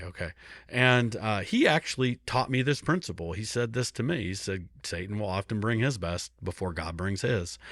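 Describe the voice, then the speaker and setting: Low-voiced earnest pastor, dry sound. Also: male voice, fairly bright tone, dry recording. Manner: earnest, repeats words and restarts, acts out quoted voices. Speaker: pastor and podcast host. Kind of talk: personal story told to listeners.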